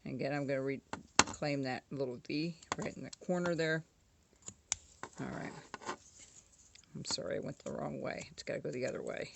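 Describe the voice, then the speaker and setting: Gravelly woman teaching woodcarving. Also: deep voice, normal speed, long pauses, noisy background. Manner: chatty, corrects herself often. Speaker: woodcarving instructor. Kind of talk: casual carving tutorial.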